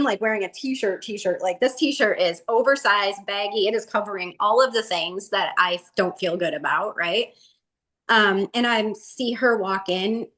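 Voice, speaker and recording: A woman's voice: mid-range voice, a bit bright. A woman guest candidly telling her personal story in a chatty way, with lots of "like" in her speech. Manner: chatty, heavy use of "like".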